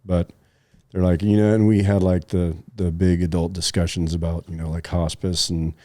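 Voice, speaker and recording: Middle-aged guy rambling thru a story, low mellow voice, lots of likes and you knows, kinda choked up. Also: little pitch movement, moderate pace, no echo, studio quality. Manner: rambling, many fillers and restarts. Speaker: podcast co-host. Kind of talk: casual storytelling chat.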